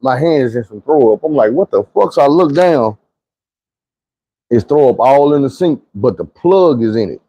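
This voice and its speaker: A man's voice: mid-range voice, animated, moderate pace, no room sound, muffled recording. A man, casually telling a profane, slangy story and acting out the quotes himself. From Arkansas, US. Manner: profane, laid-back, slangy, acts out quotes.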